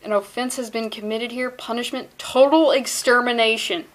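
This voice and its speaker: A woman's voice: on the high side, fairly even intonation, normal speed, natural voice. Woman doing an ancient alien bug being, grave and solemn, pronouncing judgment, comic reading. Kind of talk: comic reading with put-on voices.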